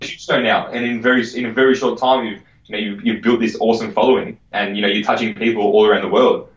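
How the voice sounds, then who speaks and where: Male guest, low voice, energetic and profane, echoey muffled recording. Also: quick pace. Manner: energetic, swears freely, repeats words. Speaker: podcast guest. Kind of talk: casual interview chat.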